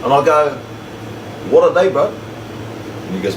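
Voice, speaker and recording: With a mid-range voice at normal speed and frequent pauses, a livestream host spins a story for viewers in loose, slangy talk. He tells it with animation and plenty of repetition. An echoey room, slightly distant mic, and faint hum mark the recording.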